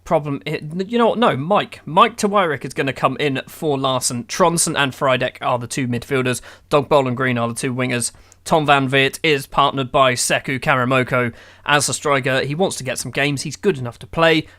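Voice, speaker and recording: A man's voice: mid-range voice, moderate pace, bright, forceful tone. A man playing a football manager game, giving sarcastic, exasperated running commentary on the matches. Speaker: gaming YouTuber.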